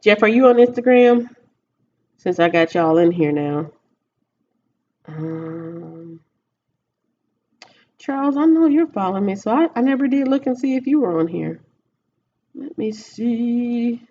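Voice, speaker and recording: A woman's voice: medium pitch, expressive, measured pace, pauses often, warm tone. Rambling Texan woman livestreaming, dull audio. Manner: chatty, rambling, thinks aloud. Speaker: livestreaming vlogger. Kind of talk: casual livestream chat with viewers.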